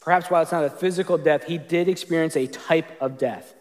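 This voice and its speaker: A man's voice: a little high, brisk, big-room sound. A man preaching a sermon as pastor, earnest and conversational, often restarting his sentences.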